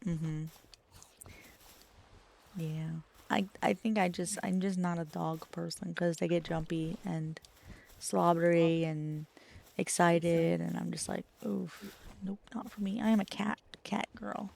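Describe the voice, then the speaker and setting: A woman's voice: lowish voice, steady tone, slow pace, vocal fry, a little mellow. A young woman streamer chatting casually with her viewers, laughing often and swearing freely. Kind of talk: casual live-stream chat.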